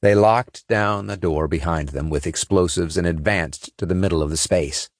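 A man narrating a science fiction audiobook in a measured, expressive read. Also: deep voice, no echo, clean studio sound. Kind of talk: scripted narration.

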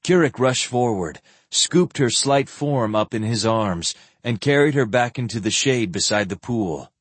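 Male audiobook narrator: husky, even read, dry close studio sound. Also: mid-range voice, a little slow, no room sound. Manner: steady, descriptive reading.

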